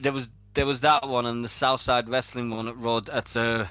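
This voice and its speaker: A man's voice: mid-range voice, moderate pace, clean tone, no room sound. A man, hosting a casual wrestling radio show and telling stories with lots of swearing and laughter. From Sheffield, England. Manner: animated storytelling with heavy swearing and laughter. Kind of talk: casual chat.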